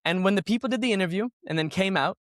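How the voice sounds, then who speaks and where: Male podcast guest, high-pitched, reflective talker; dry close-mic sound. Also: fast, no echo. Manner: reflective, thinking aloud with restarts. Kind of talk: casual conversation.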